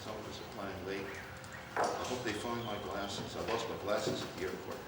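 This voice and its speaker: A man conducting a wind band rehearsal, giving brisk instructions and singing phrases aloud. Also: fairly low pitch, steady tone. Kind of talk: rehearsal coaching. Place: rehearsal hall. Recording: echoey hall, distant mic, band playing.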